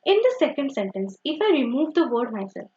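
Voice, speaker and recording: Lively high-voiced grammar teacher. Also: female voice, brisk. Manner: repetitive, uses "okay" and "so" often, self-correcting. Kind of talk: explanatory teaching. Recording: dull lo-fi recording.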